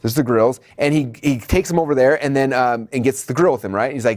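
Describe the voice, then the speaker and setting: A man teaches marketing at a rapid clip, animated and playful. He slips into high put-on voices for shoppers and clerks. The sound is dry and close, with no room echo. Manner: animated, acts out customer dialogue in high voices. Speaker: marketing instructor. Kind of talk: whiteboard lecture.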